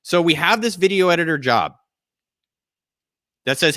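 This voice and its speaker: Blunt, excitable man hosting a live Q&A. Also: fairly high pitch, normal speed, dry recording, studio quality. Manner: blunt, excitable, swears freely. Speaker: host. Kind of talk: casual live Q&A.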